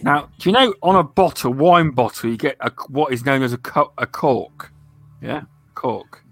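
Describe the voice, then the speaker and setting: A man's voice: on the high side, expressive, a little fast, fairly bright tone, dry recording, faint music behind. A man hosting a gaming podcast, rambling through jokey stories in casual chat.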